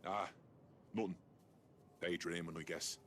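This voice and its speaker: A weary British detainee who speaks low and bitter in a deep voice. He confides like a man who has given up. A faint hum sits behind him. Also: fairly even intonation, unhurried. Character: weary jaded male camp detainee.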